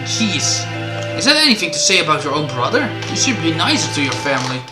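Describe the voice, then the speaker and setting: A man's voice: on the high side, big pitch swings, quick pace, hardly any pauses. A man hosting a game playthrough, reading the dialogue aloud in a casual, playful way. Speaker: let's play host. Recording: roomy, game music behind.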